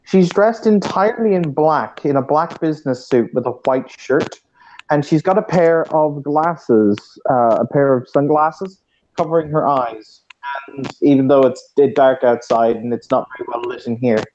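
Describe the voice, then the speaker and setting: A game master narrating a tabletop game in a calm, measured way. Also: medium pitch. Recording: dull lo-fi mic with background hiss.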